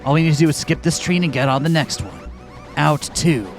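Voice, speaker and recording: A game player putting on a deep, drawling voice for a swaggering cowboy-talking young friend in a video game. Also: fairly quick, faint music behind, natural voice. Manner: drawling, low and gruff.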